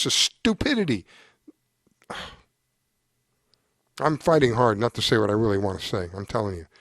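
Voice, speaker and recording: A show host delivers an exasperated, emphatic commentary monologue full of repetition. His voice is mid-range with a fairly bright tone, and the sound is clean studio quality with no echo.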